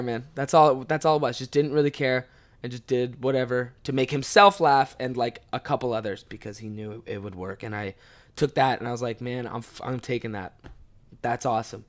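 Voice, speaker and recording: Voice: mid-range voice, fairly even intonation, normal speed. A podcast host in their twenties, telling a long rambling story in a casual, swear-heavy way, often breaking into laughs. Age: 20s.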